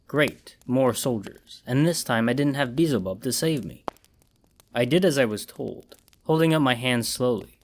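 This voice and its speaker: A man narrates a horror story in a measured, dramatic way. His voice sits at an ordinary male pitch. He paces his lines with care to build dread.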